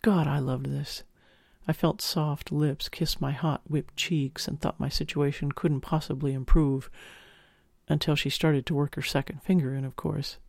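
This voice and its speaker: Male audiobook narrator, first person, intimate and expressive, gravelly edge, dead-dry close mic. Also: fairly high pitch, measured pace, no echo.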